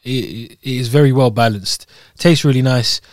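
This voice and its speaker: A man's voice: mid-range voice, normal speed, dry recording, studio quality. A young man from Scotland co-hosting a podcast in loose, rambling, jokey chat. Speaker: podcast co-host. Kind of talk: casual chat.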